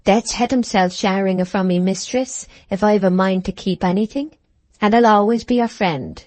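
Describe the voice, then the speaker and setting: A woman's voice: mid-range voice, expressive, normal speed, a little mellow, no echo, natural voice. A woman voicing a small, tearful young maid in an audiobook, speaking emphatically in old rustic phrasing. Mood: earnest. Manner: emphatic, dramatic rustic speech.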